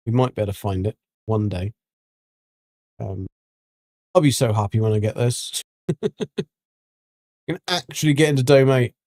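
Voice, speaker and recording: A man's voice: medium pitch, normal speed, pauses often, a little mellow, dry recording, clean studio sound. A man chatting casually on a gaming livestream, rambling with many ums and restarts. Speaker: livestreaming gamer.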